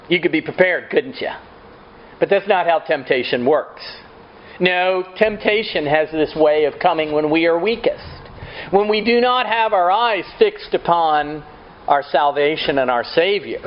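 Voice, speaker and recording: A man's voice: fairly high pitch, normal speed, dull audio, slight background noise. A man preaching a sermon, asking rhetorical questions and acting out quotes. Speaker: pastor.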